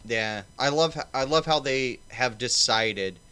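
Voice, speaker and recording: A man's voice: mid-range voice, unhurried, bright, forceful tone, smooth. A man hosting a casual livestream panel, swearing and rambling with lots of fillers. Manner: profane, rambling, filler-heavy. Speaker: stream host.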